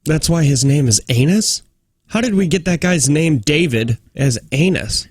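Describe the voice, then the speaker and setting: A man's voice: on the high side, measured pace, breathy edge, no room sound. A man co-hosting a radio show in a studio, bantering and joking with his partner. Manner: joking, bantering, deadpan refusals. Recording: dry studio sound.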